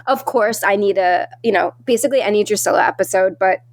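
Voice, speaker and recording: A woman on a podcast panel, answering in a measured, thoughtful way in casual chat. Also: medium pitch, no echo.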